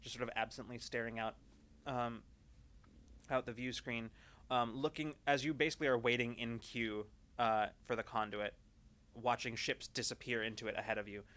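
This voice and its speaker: A man running a tabletop game as game master, narrating scenes in a loose, halting way with lots of fillers. His voice is bright and forward, pitched in the middle. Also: little pitch movement.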